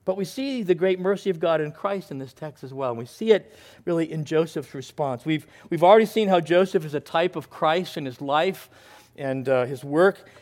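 High-voiced man preaching a sermon. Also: lively intonation, moderate pace. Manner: earnest preaching with swings from soft to emphatic. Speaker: pastor.

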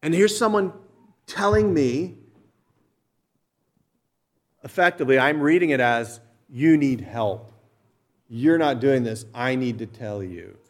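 A man's voice: medium pitch, animated, slow pace, long pauses. A middle-aged man, a pastor, preaching a sermon in a conversational, storytelling way with frequent restarts.

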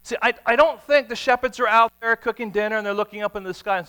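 A man preaching a sermon, telling stories with dramatic swings between hushed, quiet passages and sudden shouts. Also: high-pitched, fast, few pauses, clean tone. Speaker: pastor.

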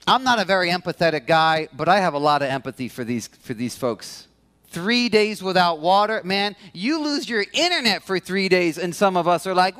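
Male pastor, high-pitched voice, animated sermon delivery. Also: moderate pace. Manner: animated, acts out quoted complaints in a higher voice.

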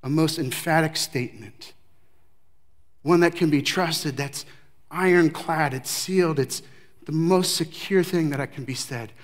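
A man preaching a sermon verse by verse, emphatic, with his voice swinging from loud declarations to hushed remarks. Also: fairly high pitch, measured pace. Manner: emphatic, varies loudness widely, drops to hushed tones. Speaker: pastor. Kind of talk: expository sermon.

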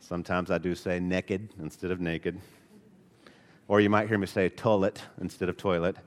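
A man's voice: low voice, level tone, moderate pace, in a large hall. A man with an Alabama accent preaching a sermon in church, earnest and full of rhetorical questions, with folksy asides. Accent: Alabama Southern. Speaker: pastor. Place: church sanctuary.

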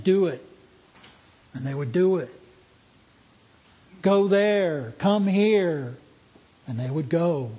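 A man's voice: high voice, warm tone, poor audio. A man preaching a sermon in an earnest, emphatic way, asking his listeners pointed questions.

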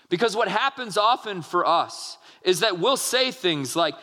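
Male pastor, earnest sermon delivery, high and bright, long hall reverb. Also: animated, a little slow, few pauses. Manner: earnest, with frequent restarts and quoted dialogue.

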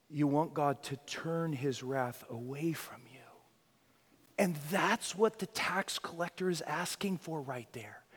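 A man preaching a sermon, swinging from loud crying out to a hushed near-whisper and repeating phrases with stammering restarts. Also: on the high side, breathy edge. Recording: long reverb of a hall.

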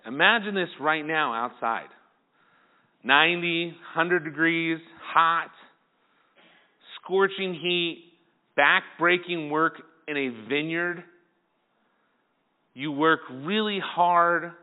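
A male pastor preaching a sermon, lively and acting out the people in the story. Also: a little high. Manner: animated, acts out the people in the story. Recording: tinny phone-like sound.

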